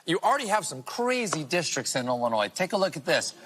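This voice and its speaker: A man hosting a local talk radio show, interviewing a guest and walking through district maps in an animated way. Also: on the high side, fast talker, noisy background.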